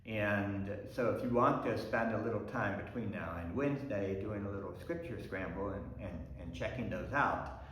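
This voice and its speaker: A man, a pastor, teaching a Bible study lesson in an explanatory way, pausing with ums and restarting phrases. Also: fairly low pitch, background noise. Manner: explanatory, thinking aloud with frequent ums and restarts. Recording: very echoey room.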